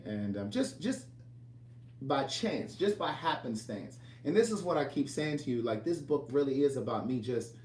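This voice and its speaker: A man's voice: mid-range voice, recorded from a distance, slight background noise. A man who writes books, talking casually to his viewers and telling a long story. He rambles and keeps restarting his phrases. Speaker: author and vlogger. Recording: echoey room, voice from off-mic.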